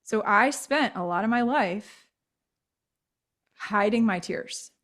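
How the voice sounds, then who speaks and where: A woman in her thirties speaks as a podcast guest, candid and reflective as she tells her own story. Her voice sits at an ordinary middle pitch. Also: takes it slowly, a bit bright.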